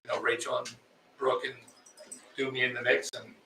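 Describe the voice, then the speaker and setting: A man's voice: mid-range voice, little pitch movement, moderate pace, vocal fry, pushed and bright. A man co-hosting a casual chat show, telling stories in an easygoing way. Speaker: co-host. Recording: roomy and distant with faint noise.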